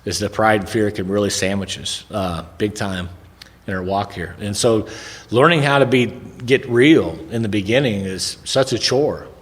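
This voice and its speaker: A man's voice: lowish voice, moderate pace. A middle-aged man telling a rambling, folksy recovery story to a room at a recovery event. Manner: folksy, rambling, conversational, drops in "man" and "right?". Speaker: recovery speaker. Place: large hall at a recovery event. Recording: long reverb of a big hall.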